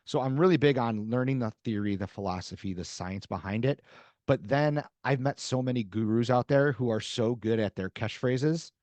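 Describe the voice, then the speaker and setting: A middle-aged man on a podcast, telling stories lively and acting out both sides of a conversation. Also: medium pitch, normal speed, dry recording. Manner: animated storyteller acting out dialogue. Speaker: podcast guest, author. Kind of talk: casual interview conversation.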